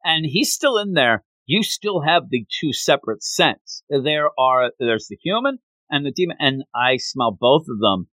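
A man co-hosting a podcast, recapping a manga chapter in an excitable, rambling way. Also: mid-range voice, measured pace, no room sound, low-quality recording. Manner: excitable, rambling, acts out quotes. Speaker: podcast co-host.

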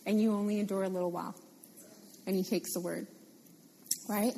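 A woman preaching a sermon, animated and playful, repeating phrases for emphasis. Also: medium pitch, a little fast, creaky, long reverb tail, a little hiss or hum.

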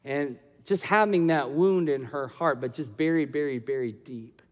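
A man's voice: a little high, moderate pace, big-room sound. A man preaching a sermon, telling a personal story that builds into impassioned preaching. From Michigan. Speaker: pastor.

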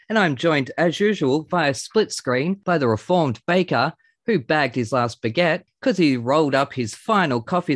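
A man's voice: fairly high pitch, fairly bright tone, no echo, studio quality. A man hosting a podcast, delivering a long, theatrical, pun-packed introduction. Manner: theatrical, rapid wordplay. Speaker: podcast host. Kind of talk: pun-filled show introduction.

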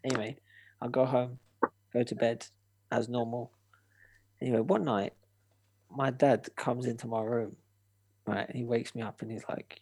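Young guy spinning a yarn, gravelly husky voice, dry close sound. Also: mid-range voice, normal speed, long pauses, no echo. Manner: animated, acts out quoted voices, swears, laughs. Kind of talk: casual storytelling chat.

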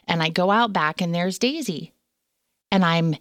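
A woman's voice: lowish voice, a little fast, dry recording, clean studio sound. Chatty laughing woman telling stories. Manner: chatty storyteller, laughs often. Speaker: podcast co-host. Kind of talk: casual faith chat.

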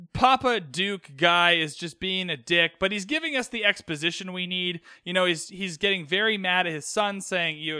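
A young man chatting casually as he recaps a TV episode, animated and full of quick asides and mock outbursts. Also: sits high, clear, resonant tone, no echo, clean studio sound. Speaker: show reviewer.

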